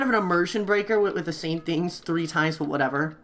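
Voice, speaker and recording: Reading a visual novel's lines aloud in playful voices, this female let's player chats and laughs a lot between lines. She speaks a little fast with a fairly low, slightly bright voice.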